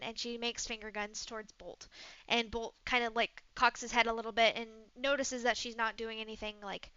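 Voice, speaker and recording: A woman's voice: a little high, level tone, fairly quick, pushed and bright, smooth, no echo. A woman game master casually narrating a tabletop role-play game. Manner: casual narration with fillers and restarts. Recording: dull lo-fi mic.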